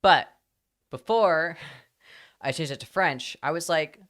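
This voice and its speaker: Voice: medium pitch, slow pace, a bit bright. A live streamer casually telling a rambling anecdote to the audience, full of fillers and quoted voices.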